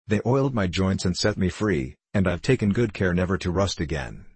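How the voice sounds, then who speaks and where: A man's voice: low voice, animated, brisk, darkish tone, breathy edge, no echo. A man reading as a formal, earnest tin emperor. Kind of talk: audiobook reading.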